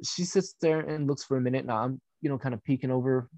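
A young man tells a personal story in a loose, conversational way, full of fillers and blunt swearing. His voice sits in a middle pitch and sounds dry and close, with no room around it. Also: quick pace, dark tone, no echo. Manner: candid and profane, with frequent fillers. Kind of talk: casual personal anecdote.

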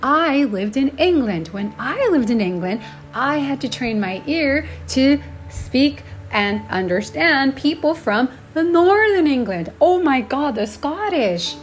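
Lively northeast-accent american lady teaching english, chatty, keeps asking okay? right?, soft music behind. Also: high-pitched, slow pace. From United States. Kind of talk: unscripted lesson.

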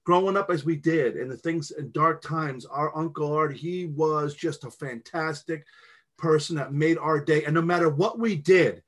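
A man's voice: a little high, normal speed. A middle-aged man co-hosting a podcast, telling family stories in a rambling, emphatic way with many restarts. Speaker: podcast co-host. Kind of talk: casual podcast storytelling.

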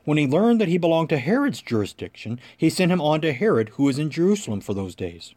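Male lector, measured scripture reading, slightly high-pitched voice. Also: very animated, darkish tone. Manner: measured, clear narration.

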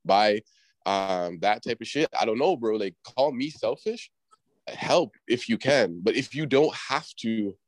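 A man's voice: medium pitch, no room sound, rough recording. A man in casual chat, giving rambling advice with heavy slang and swearing.

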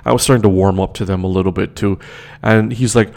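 Ranting indignantly and with plenty of swearing, a young man recounts a personal story, repeating himself as he loops back. He talks fast in a steady, low, darkish voice roughened by gravelly fry.

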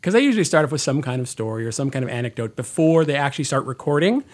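A man's voice: mid-range voice, animated, rapid-fire. A man co-hosting a frank, joking podcast in a large sound studio, talking into an old-school mic and teasing his co-host. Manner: playful, teasing, reads listener letters aloud. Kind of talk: casual chat.

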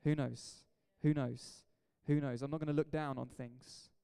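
Pastor, high resonant voice, emphatic and playful sermon delivery, long hall reverb. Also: male voice, unhurried, vocal fry, smooth. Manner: energetic, jokey, emphatic preaching. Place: church hall.

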